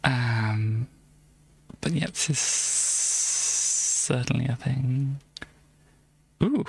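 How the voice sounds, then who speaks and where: A woman's voice: very deep voice, drawn-out words, vocal fry, breathy edge. A woman streaming live, chatting casually and giggling as she reads through an old games magazine. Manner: chatty and giggly, trailing off into soft asides.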